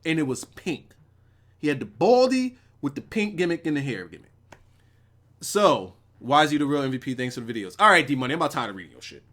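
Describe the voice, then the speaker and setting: A man's voice: a little high, sing-song, a little fast, sharp tone. A man hosting a live stream who reviews wrestling shows and tells a rambling, profane story, talking casually with his chat.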